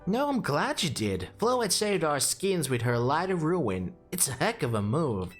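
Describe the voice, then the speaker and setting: A man's voice: sing-song, a little slow, faint music behind. A man voicing a cheerful young female trainer from a video game, reading her lines aloud in a raised voice. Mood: eager. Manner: bright, eager, falsetto-lifted.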